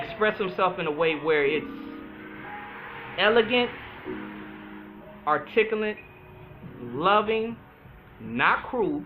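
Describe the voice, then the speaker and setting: A man hosting a podcast, giving astrology advice in an animated, preachy way. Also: a little high. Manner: animated, preachy, laughs at his own points. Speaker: podcast host. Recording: phone-like sound with music behind.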